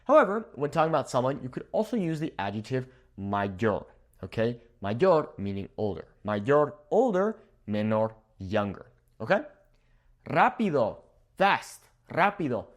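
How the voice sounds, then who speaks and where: Young male teacher, animated pitch, upbeat and joking, whiteboard lesson. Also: measured pace. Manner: upbeat, playful, laughs at own jokes. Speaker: Spanish teacher. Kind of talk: video language lesson. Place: room with a whiteboard.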